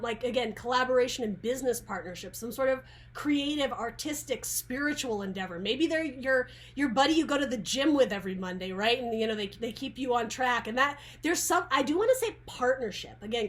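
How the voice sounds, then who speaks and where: A woman's voice: a little high, fairly quick. A woman giving a casual tarot reading to camera, chatty and rambling, often restarting her sentences. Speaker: tarot reader.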